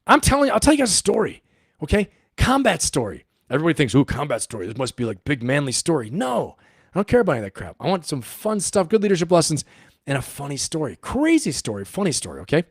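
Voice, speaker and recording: A man's voice: fairly high pitch, huge pitch swings, quick pace, husky, no room sound, studio quality. A middle-aged man hosting a livestream, telling a story in a rambling, profane way and laughing often. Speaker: livestream host and coach.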